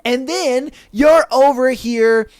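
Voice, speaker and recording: A man's voice: extremely high pitch, slow, dry recording. A man hosting a podcast, giving a casual, blunt, profane recap with mocking impressions. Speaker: podcast host.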